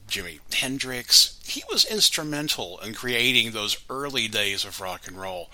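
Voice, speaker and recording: A man's voice: lowish voice, bright, forceful tone, no room sound, poor audio. A man hosting a music show, introducing songs with wry, sarcastic asides in a casual scripted way. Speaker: radio show host.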